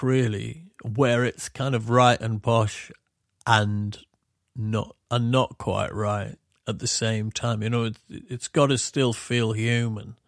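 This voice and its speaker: Gravelly middle-aged Yorkshire man. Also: medium pitch, dry recording, studio quality. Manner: rambling, self-interrupting, explains gently. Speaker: podcast co-host, musician. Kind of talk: casual reminiscing chat.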